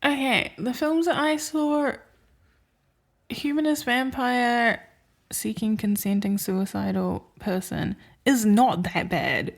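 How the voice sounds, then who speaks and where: A woman with a fairly high voice, steady tone, and vocal fry speaks slowly while co-hosting a podcast. She chats loosely about films she saw, rambling with lots of filler words and frequent laughs in a casual review.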